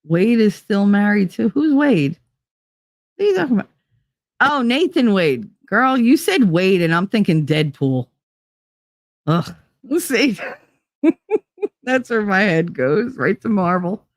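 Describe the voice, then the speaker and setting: A woman's voice: mid-range voice, big pitch swings, takes it slowly, pauses often, dry recording, clean studio sound. Chatty, blunt woman hosting a livestream. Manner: chatty, blunt and swearing, laughs easily. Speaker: livestream talk show host. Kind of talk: casual chat reading viewer comments.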